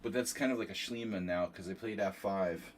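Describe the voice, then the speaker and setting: A lower-voiced man with a nasal tone chats loosely to his viewers while he plays online chess, drifting into offhand, self-deprecating asides. He sounds a little distant from the mic, with a faint hiss of background noise. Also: brisk. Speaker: chess streamer hosting a tournament. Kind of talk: casual livestream commentary while playing.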